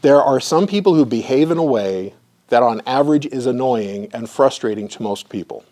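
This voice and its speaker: A middle-aged man giving a live lecture with personal stories to an audience in a room, conversational and often clearing his throat. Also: medium pitch, lively intonation, normal speed, warm tone.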